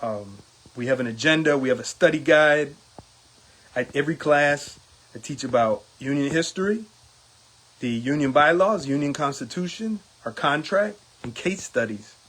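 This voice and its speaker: A man's voice: mid-range voice, a bit bright. A middle-aged man, a union steward, speaking in a casual monologue and acting out quoted exchanges in a raised voice.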